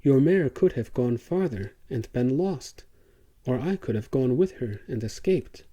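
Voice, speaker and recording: A man's voice: medium pitch, expressive, a little slow, lo-fi sound. A man voicing a whining, sly male slave in an audiobook. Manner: whining, soft.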